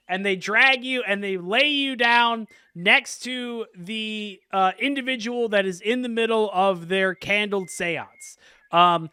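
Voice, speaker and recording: A man's voice: high-pitched, bright, forceful tone, smooth, no room sound, studio quality. A man narrating as game master in a laid-back, chuckling way, with many fillers. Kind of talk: narrating a casual tabletop game.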